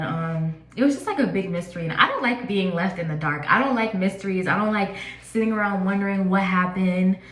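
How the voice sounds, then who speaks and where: A woman's voice: mid-range voice, a bit bright. A woman in her twenties telling a personal story in a casual, chatty vlog, with lots of "like" and fillers. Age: 20s. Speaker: vlogger. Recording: echoey room.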